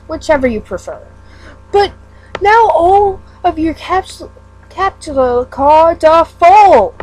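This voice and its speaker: A woman's voice: high-pitched, a little mellow, poor audio. A woman giving a casual read-aloud of a webcomic. She stumbles over words and breaks off into self-mocking asides. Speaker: fan reader.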